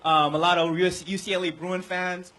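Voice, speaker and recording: Very high-voiced male stand-up comic. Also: level tone, a little fast, bright, forceful tone. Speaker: stand-up comedian. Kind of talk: stand-up set. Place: live comedy venue.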